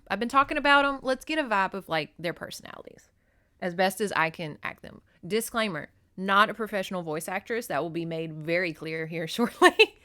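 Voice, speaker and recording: A woman's voice: mid-range voice, bright, forceful tone. A woman from Louisiana, recapping a novel in a chatty, sarcastic podcast style with plenty of swearing. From Shreveport, Louisiana, US. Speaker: podcast host. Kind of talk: casual comedic book recap.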